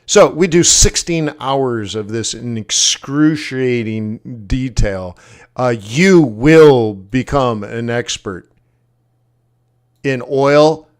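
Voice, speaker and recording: A man's voice: medium pitch, smooth. A man with a Canadian accent hosting a forex trading livestream, talking casually in a rambling, jokey way and correcting himself as he goes. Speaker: forex trading educator and stream host.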